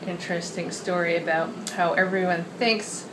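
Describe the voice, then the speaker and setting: A woman's voice: fairly low pitch, fairly even intonation, moderate pace, background noise. A woman children's book author talking casually to the camera, chatty and rambling, full of ums and uhs. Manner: chatty, rambling, with many fillers.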